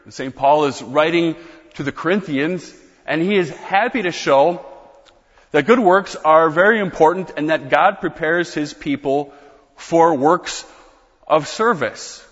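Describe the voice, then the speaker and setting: A man's voice: medium pitch, a bit bright, long reverb tail, dull audio. A man preaching a sermon as pastor, explaining scripture in a conversational teaching manner with casual asides.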